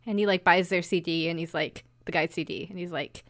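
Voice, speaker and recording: A woman's voice: on the low side, fairly even intonation, fairly quick. A woman co-hosting a podcast, recapping an anime in bubbly, giggly casual chat. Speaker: podcast co-host.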